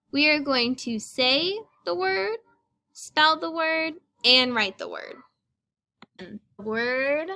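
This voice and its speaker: A woman's voice: fairly high pitch, sharp tone. A woman teaching young children a phonics lesson, speaking patiently and sounding out each letter.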